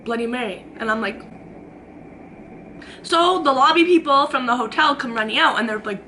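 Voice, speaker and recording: Heavy background noise surrounds a young woman whose voice is a little high and whose pace is normal. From her own room, she chats through a dramatic storytime vlog and acts out what people said.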